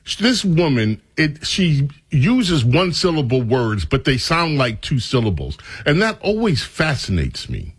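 Male talk radio host, husky and mocking, lively pitch. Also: no room sound. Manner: mocking, animated, drawn-out words. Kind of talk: opinionated radio monologue.

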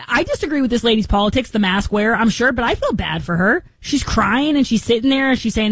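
A woman's voice: a little high, big pitch swings, fast talker, hardly any pauses, dry recording, low-quality recording. Woman cohost ranting on a podcast, fired up, keeps restarting, dry close mic. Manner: impassioned, rambling, frequent restarts. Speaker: co-host. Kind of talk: opinionated podcast commentary.

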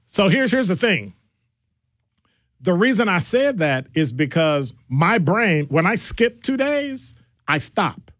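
A man hosting a radio talk show in a casual, animated way, with playful asides as he moves between topics. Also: high voice, takes it slowly, no room sound, studio quality.

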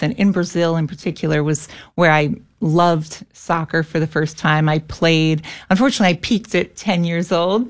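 An earnest middle-aged American woman, a guest in a conversational interview, talking with quick restarts. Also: lowish voice. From United States.

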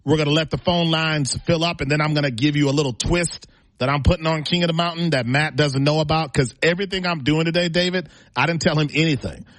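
A man's voice: on the high side, fairly even intonation, fast, a bit bright. A man hosting a sports radio show, bantering casually and reading out phone numbers and sponsor plugs.

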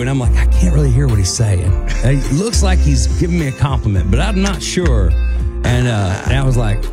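A man co-hosting a radio show, telling a story in a casual, animated way and jumping into a higher voice to act out quotes. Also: brisk, over music. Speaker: guest co-host, country singer.

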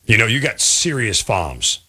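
Animated bright-voiced male radio host. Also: fairly low pitch, a little slow, slightly rough. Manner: animated, conversational. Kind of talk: call-in radio chat. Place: radio studio.

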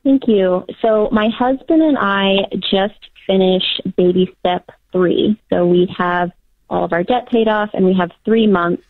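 A woman's voice: mid-range voice, unhurried, no room sound. Nervous giggly woman on a phone line. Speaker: caller. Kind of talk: call-in radio conversation. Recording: phone-line caller audio.

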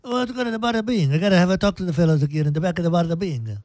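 A man voicing a gruff male mobster boss with a put-on New York Italian-American accent. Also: high voice, racing, a little mellow, no room sound, pitched above the performer's own voice, lightly acted. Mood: blustering.

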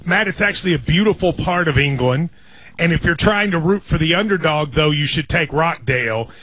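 Male sports radio co-host, forties, high husky voice, dry close studio sound, eager storyteller. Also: animated, brisk, a bit bright, dry recording. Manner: enthusiastic, rambling storyteller. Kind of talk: casual sports radio banter. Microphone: studio microphone.

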